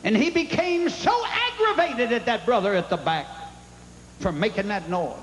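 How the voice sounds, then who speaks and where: A man preaching a fiery revival sermon, telling a folksy story and shouting at times, recorded live in a big tent. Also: high-pitched, lively intonation, moderate pace, slight background noise. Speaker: evangelist preacher. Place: large revival tent with congregation. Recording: tent revival with long echo and crowd.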